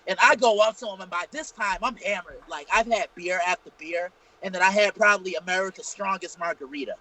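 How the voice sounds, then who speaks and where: A man with a high voice and sharp tone talks fairly quickly, co-hosting a casual live-streamed talk show on a podcast. He tells rambling, profane stories in a storytelling chat, and the recording is rough.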